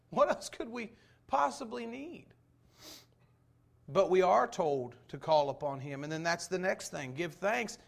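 A man's voice: high-pitched, creaky. A man in his forties, a pastor, preaching a sermon in a church, earnest and full of rhetorical questions.

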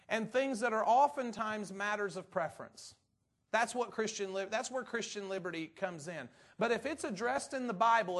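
A man with a notably high voice preaches to his congregation. He speaks in an easygoing, storytelling way, full of asides, then turns firm and emphatic when he drives home a point of doctrine. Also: fairly bright tone. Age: adult parent. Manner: folksy and conversational, turning emphatic on doctrine. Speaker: pastor. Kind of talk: sermon.

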